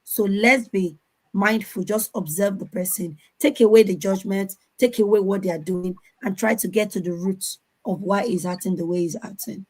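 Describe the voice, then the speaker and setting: A woman's voice: mid-range voice, normal speed, low-quality recording. A woman speaking on an online panel over a video call, giving earnest advice and sometimes repeating words as she looks for the next one. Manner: earnest, advising, repeats words while finding them. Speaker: conference panelist.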